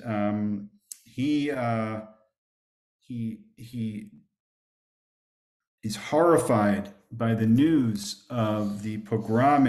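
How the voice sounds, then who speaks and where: A man's voice: lowish voice, darkish tone. A man teaching a history class as a rabbi, speaking with many fillers and restarts and reading quoted texts aloud with more emphasis. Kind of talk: lecture with slides. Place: synagogue classroom. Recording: roomy echo.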